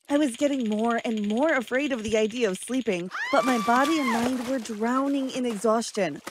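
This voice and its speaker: A woman's voice: fairly high pitch, noisy background. A woman reading a scripted first-person story with earnest, dramatic delivery. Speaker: story narrator.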